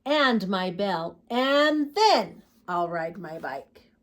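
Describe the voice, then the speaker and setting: A woman voicing an excitable young boy frog in a read-aloud storybook, squeaky and full of exclamations. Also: drawn-out words. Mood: insistent.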